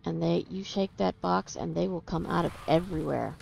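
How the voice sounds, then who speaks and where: Gravelly low-voiced woman gaming. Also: moderate pace, a little mellow, faint music behind. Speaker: co-player on a stream. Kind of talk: casual gaming chat.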